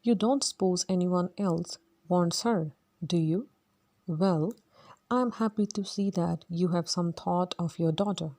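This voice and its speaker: An arrogant professor who talks down to everyone in a brisk, lordly way, read by a woman in her own voice. The tone stays mellow and warm, even when he is at his most dismissive. It comes across as a classroom play reading. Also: fairly low pitch. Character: arrogant male phonetics professor, brusque.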